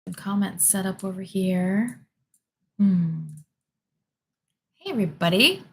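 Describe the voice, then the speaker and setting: A woman in her thirties hosting a spiritual livestream, chatting casually and reading viewer comments in a bubbly, excitable way. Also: mid-range voice, slow, gravelly, slight background noise. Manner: bubbly, excitable, greets viewers by name and laughs often.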